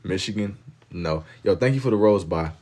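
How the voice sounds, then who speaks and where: A deep-voiced, laid-back streamer from Kentucky chats with live viewers while he draws, reading and answering chat in slang-heavy banter. He's expressive and a little mellow, speaking at a moderate pace.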